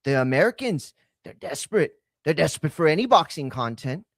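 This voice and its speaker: A man's voice: on the high side, sing-song, a little fast, no echo, clean studio sound. A man voicing a scheming middle-aged British boxing promoter, in an exaggerated mock British accent full of slang. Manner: exaggerated cockney slang, sly persuading.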